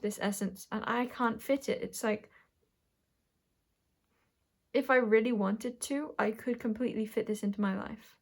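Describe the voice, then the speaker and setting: A woman's voice: on the high side, steady tone. Musing woman giving a tarot reading. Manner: musing, halting, talks while drawing cards. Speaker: tarot reader.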